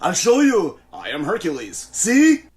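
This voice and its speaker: A man's voice: high voice, wildly swooping pitch, measured pace, full character voice. A man voicing a boastful male voice actor who insists he did a famous dub, in a short comedy sketch clip. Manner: loud, bragging, showy.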